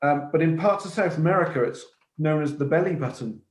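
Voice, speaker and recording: Brief: man, slightly high voice, trivia-sharer, echoey room on a call. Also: fairly quick. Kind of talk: casual video-call chat.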